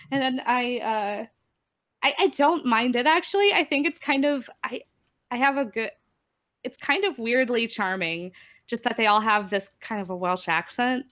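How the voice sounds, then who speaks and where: A woman's voice: high-pitched, a bit bright. Chatty, laughing woman from Minnesota. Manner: chatty, laughs often, restarts. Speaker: podcast co-host. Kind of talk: casual chat.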